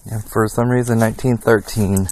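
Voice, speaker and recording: Slow, halting deep-voiced man outdoors. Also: fairly even intonation, a little mellow. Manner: slow, halting, searching for words. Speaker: psychic. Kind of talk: recorded on-site impressions. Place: outdoors in a wooded cemetery.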